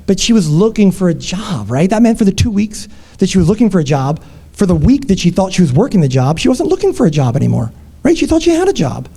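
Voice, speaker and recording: A man giving a conference talk, telling a story in an animated way and acting out the people in it. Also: sits high, quick pace, gravelly, breathy edge. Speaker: conference presenter. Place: conference room.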